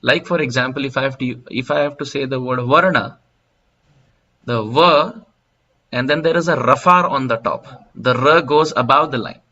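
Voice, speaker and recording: A man delivers a devotional lecture, unfolding a story step by step in a clear, forceful, bright tone. His pitch sits in an ordinary middle range. The recording is dull and lo-fi, as if taken in a temple hall. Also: brisk, hardly any pauses. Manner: storytelling, explanatory, with soft laughs.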